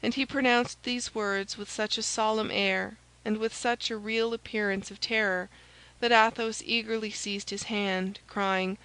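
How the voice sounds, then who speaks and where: A woman narrating a classic novel as an audiobook, reading in a steady, even way. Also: mid-range voice, a little slow, smooth, no room sound, low-quality recording. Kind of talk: scripted narration.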